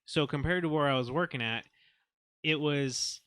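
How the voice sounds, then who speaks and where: Young guy, a bit high and bright, teasing and dry in casual podcast talk. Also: normal speed, no echo. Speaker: podcast co-host. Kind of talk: casual chat.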